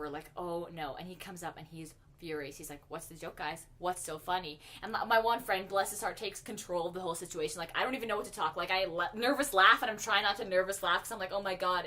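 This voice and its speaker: A woman co-hosting a podcast, telling a story in a casual, animated way with lots of laughter. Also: medium pitch. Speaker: podcast co-host.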